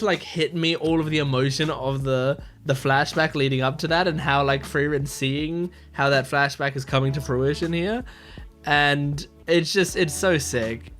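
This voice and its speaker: A young man hosting an anime reaction, talking casually in an excited, rambling way full of fillers and swearing. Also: on the high side.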